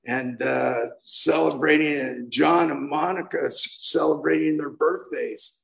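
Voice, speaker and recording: A man's voice: on the high side, steady tone, a little slow, gravelly, fairly bright tone, low-quality recording. A man in his sixties giving a heartfelt, rambling personal share as main speaker at a recovery meeting, often restarting his sentences.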